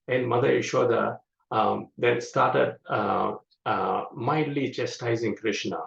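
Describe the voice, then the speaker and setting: A man teaching a scripture class, explaining slowly with many fillers. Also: on the low side, creaky. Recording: echoey room, dull lo-fi sound.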